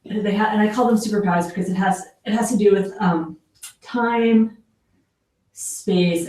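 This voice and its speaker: A parenting educator speaks to parents at a normal speed in a medium-pitched, steady, dark voice, keeping the workshop talk casual. She chats with many fillers and voices the lines she quotes theatrically. A distant mic captures a very echoey room.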